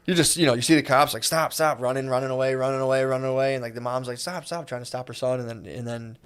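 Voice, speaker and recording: Fast-talking man in casual podcast banter. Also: mid-range voice, level tone, smooth. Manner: rambling, acts out quotes in sudden voices. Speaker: podcast co-host.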